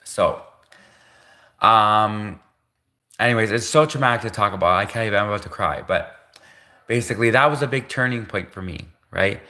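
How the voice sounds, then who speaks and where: A man's voice: on the low side, moderate pace, pauses often, bright, forceful tone. A man from Canada on a livestream, rambling through a monologue with restarts, self-corrections and half-jokes.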